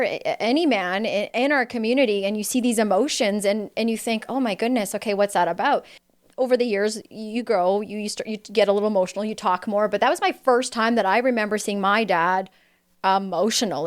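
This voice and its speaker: A woman, hosting a podcast in a casual, chatty way, often restarting her sentences. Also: medium pitch. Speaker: podcast host. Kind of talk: casual conversation.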